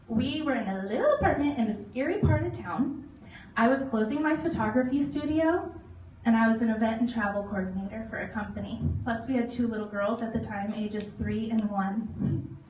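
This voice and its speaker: A woman in her thirties tells her personal story to a live audience, animated and quick to laugh as she acts out little voices. Her voice sits a bit high. She is heard from a distance in an echoey hall with faint noise underneath. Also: lo-fi sound. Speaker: motivational speaker. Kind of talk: testimonial talk to an audience. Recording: echoey hall recorded from far off.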